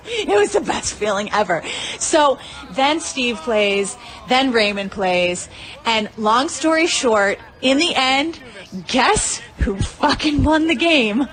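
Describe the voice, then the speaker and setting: Gushing, animated woman telling a story. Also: high-pitched, slow pace. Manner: excitable, gushing, swears freely; uses many fillers like "like" and "you know". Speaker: pinball player telling a tournament story. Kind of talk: casual storytelling monologue.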